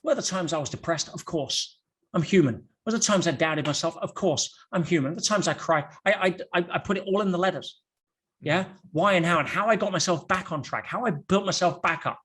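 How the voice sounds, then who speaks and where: A man talking as a guest on a podcast, telling stories in an animated way with rhetorical questions and quick restarts. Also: sits high, husky. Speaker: podcast guest, motivational speaker. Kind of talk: podcast conversation.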